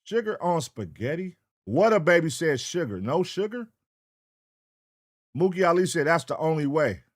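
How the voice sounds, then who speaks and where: A man hosting a casual livestream reaction show, talking with profanity and calling out viewer names in an animated roll call. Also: fairly high pitch, moderate pace. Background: hip hop music.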